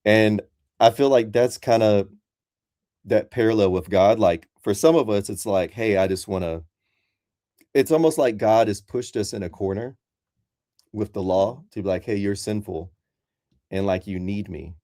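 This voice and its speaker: A man's voice: lowish voice, normal speed, pauses often, mellow, dry recording, clean studio sound. A man calling in as a Christian, talking in a casual, rambling way full of fillers. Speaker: Christian caller. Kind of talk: casual debate chat.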